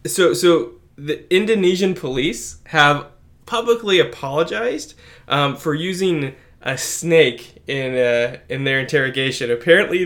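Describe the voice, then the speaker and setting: A podcast co-host with a mid-range, somewhat bright voice tells stories in casual chat. He rambles, using lots of filler words and restarts.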